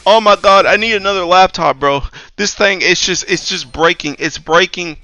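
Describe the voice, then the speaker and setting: Whiny pleading office man, a male streamer's put-on, higher and bright. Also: normal speed, no echo. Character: whiny grown man begging for a laptop.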